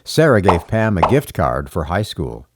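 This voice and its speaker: A man who works as a broadcaster, reading practice sentences aloud with polished, measured diction. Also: sits low, very animated, background noise.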